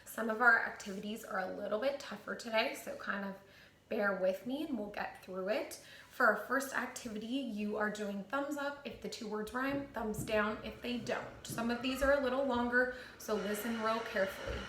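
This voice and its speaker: A woman teacher leading a phonics lesson for children, reading word pairs slowly and clearly. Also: a little high, fairly bright tone. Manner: slow, clear word-by-word prompting. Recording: echoey room.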